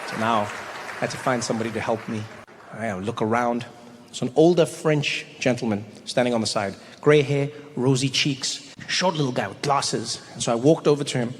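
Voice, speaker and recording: Performing live, a male comedian spins an animated story, voicing characters and stammering as he restarts lines. He speaks in a mid-range voice, with long hall reverb and a little hiss or hum on the recording.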